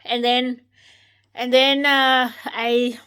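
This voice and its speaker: A woman giving an unscripted personal testimony, retelling events step by step in a halting way. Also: fairly high pitch, level tone, a bit bright, clear, resonant tone. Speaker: testimony speaker.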